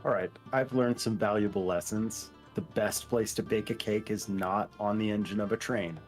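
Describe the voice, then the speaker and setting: Dry-humored low-voiced male player. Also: fairly even intonation, normal speed, faint music behind. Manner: dry, wry remarks. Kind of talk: casual tabletop game chat.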